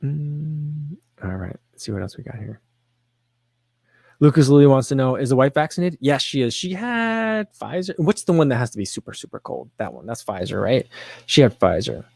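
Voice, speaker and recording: A man in an ordinary middle pitch, talking casually to his livestream audience. He rambles with restarts and fillers and pokes fun at himself. The sound is dry and close, with no room echo. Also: animated, normal speed, vocal fry, a little mellow. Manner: rambling, self-deprecating, with frequent restarts and fillers. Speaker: livestream host reading chat questions.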